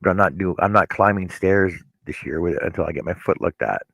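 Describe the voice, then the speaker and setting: A man's voice: low voice, a little fast, vocal fry, a bit bright, slightly rough, no echo, poor audio. A man co-hosting a casual chat show, telling a long story with many restarts and repeated words. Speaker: co-host.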